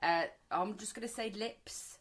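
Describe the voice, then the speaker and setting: A woman's voice: mid-range voice, measured pace, rough recording. A woman in her forties from the Wirral, co-hosting a casual chat podcast, talking freely, swearing and acting out bits of dialogue. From the Wirral, England. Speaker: podcast co-host.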